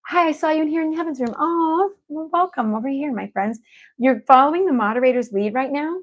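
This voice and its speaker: A woman's voice: high-pitched, brisk. A woman, an evidential medium, chatting casually and effusively with viewers as she hosts a livestream. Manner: effusive and upbeat, repeats affection to the audience.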